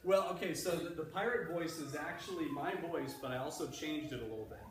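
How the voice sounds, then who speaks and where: His voice sits a little high and moves a little fast as this electrical engineer, invited to a school library, talks a class of kids through things with easygoing patience. Fillers and restarts come often, and the distant, reverberant recording carries background noise.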